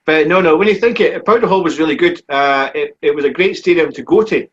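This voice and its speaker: A man in his forties with a Scottish accent, a speedway rider answering questions in a relaxed, plain-spoken way during a live online chat. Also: a little high, measured pace, slight background noise. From Scotland. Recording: dull, muffled lo-fi stream audio.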